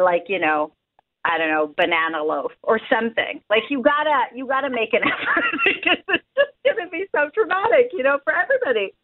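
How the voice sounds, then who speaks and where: A woman's voice: medium pitch, a little hiss or hum. A woman guest chatting casually over a phone line. She laughs often and fills her talk with "like". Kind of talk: casual chat. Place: at home in the UK.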